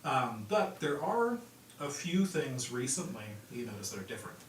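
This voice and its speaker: A man running a tabletop game as game master, narrating in a relaxed way with plenty of ums and likes. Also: medium pitch, normal speed. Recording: echoey room from far off with background noise.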